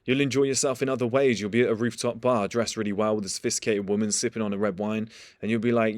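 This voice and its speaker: A man's voice: fairly low pitch, fairly even intonation, fast talker, a little mellow, no room sound. Blunt man, dry close sound. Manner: blunt, profane, emphatic. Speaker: motivational speaker. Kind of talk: casual motivational monologue.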